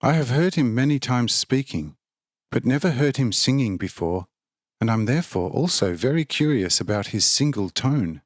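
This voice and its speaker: Male reader playing a calm, fatherly host, measured and explanatory, in a mid-range voice, dry close recording. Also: mid-range voice, dry recording, natural voice.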